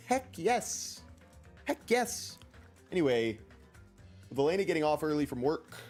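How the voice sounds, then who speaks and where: A young man streams a game and chats casually with his viewers, joking around and reading chat messages in silly voices. His voice is mid-range with a darkish tone, and faint music plays behind him.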